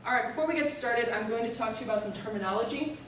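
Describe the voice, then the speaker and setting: A young woman giving an informative speech as a student presenter, explaining steadily with the odd filler pause. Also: fairly high pitch, a bit bright, slight background noise. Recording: echoey room, voice from a distance.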